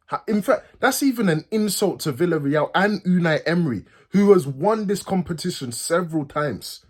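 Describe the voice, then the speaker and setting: A man rants furiously, swearing and repeating lines over and over. His slightly husky voice sits a bit high and leaps wildly in pitch, from sharp outbursts down to low, bitter mutters. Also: expressive, moderate pace, hardly any pauses. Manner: pitch swings from loud highs to low mutters. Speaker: football fan channel host. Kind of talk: angry fan rant.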